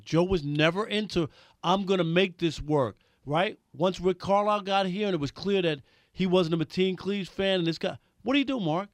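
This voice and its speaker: A man co-hosting a sports radio show, arguing points with animated emphasis. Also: on the high side, dry recording. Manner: animated, argumentative, mocks whiny voices.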